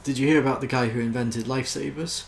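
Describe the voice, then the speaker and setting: A man's voice: mid-range voice, steady tone, fast talker, vocal fry, reverberant, slight background noise. A British man from the UK casually reading jokes aloud in an amused, self-mocking way. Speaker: YouTuber.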